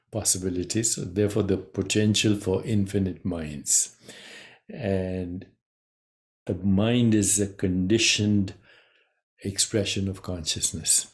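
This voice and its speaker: A man giving a measured, reflective talk on consciousness as a spiritual teacher, pausing between phrases. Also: sits low.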